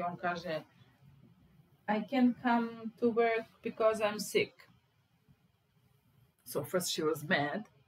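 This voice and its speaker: A woman with a Serbian accent teaching English grammar, patiently stressing example sentences slowly. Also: low voice, fairly bright tone, a little hiss or hum, poor audio.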